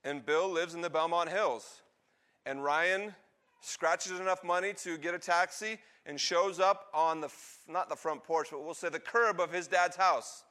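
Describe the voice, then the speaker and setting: A man preaching, telling a story and acting out the lines of its characters in an animated way. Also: on the high side, unhurried. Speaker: pastor. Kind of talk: sermon storytelling.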